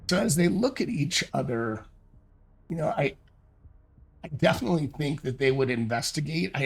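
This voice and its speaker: Man, solo tabletop narration, halting, gravelly, husky, slow. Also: a little high. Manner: halting, hesitant, thinking aloud. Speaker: solo game master and player. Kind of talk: thinking-aloud tabletop narration.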